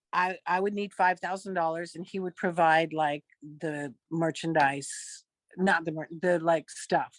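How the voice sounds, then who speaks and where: A woman's voice: lowish voice, no room sound. A woman in her fifties, a guest actress, telling stories in a casual interview and acting out the dialogue as she goes. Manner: lively storyteller who acts out quoted dialogue.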